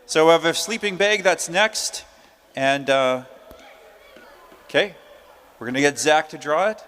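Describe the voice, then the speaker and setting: Upbeat high-voiced man emceeing in a hall. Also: unhurried, a bit bright. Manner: upbeat, joking, loose and chatty. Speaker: emcee drawing prize winners. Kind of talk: live announcing at a conference. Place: large conference hall. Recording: long hall reverb.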